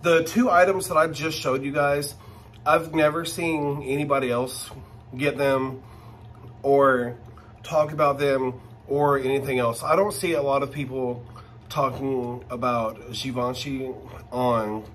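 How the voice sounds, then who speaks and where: Gushing man with a slow drawl. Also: mid-range voice, slight background noise. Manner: gushing and excitable, talks to viewers directly. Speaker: channel host. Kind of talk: casual unboxing vlog.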